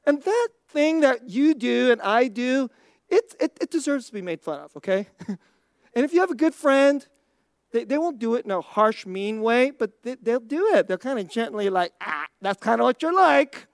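A Christian speaker with a slightly high voice and lively intonation gives an informal teaching talk at a moderate pace. She's conversational, thinking aloud and chuckling often between points, in a dry, studio-quality recording.

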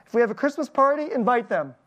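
Lively, chuckling pastor preaching a casual sermon. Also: mid-range voice, fast talker, lo-fi sound. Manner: animated, chuckles between points, asks the audience direct questions. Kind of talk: conversational sermon. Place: church service with slides.

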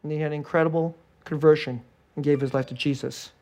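A male pastor preaching a sermon in an animated way, acting out little scenes and laughing often. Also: fairly high pitch, quick pace. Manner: animated, acts out scared and joyful voices, laughs often.

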